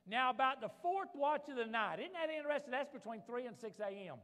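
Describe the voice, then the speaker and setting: A male pastor preaches fervently, his bright, forceful voice pushing each point home. He keeps asking the congregation for an amen, and his words carry a long reverb through the church sanctuary. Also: very high-pitched, expressive, fast talker. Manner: fervent, calls for amens from the congregation. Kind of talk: sermon. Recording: long reverb of a large hall.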